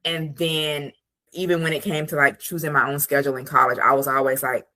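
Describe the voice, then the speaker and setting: A woman coach talks from her home office desk in a low, bright and forceful voice. She chats casually over a video call, scattering "like" through her sentences and acting out quoted thoughts. Her energy stays steady as she gives practical examples. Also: normal speed. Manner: chatty, many "like" fillers, acts out quoted thoughts. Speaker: productivity coach, guest. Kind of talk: casual conversational interview.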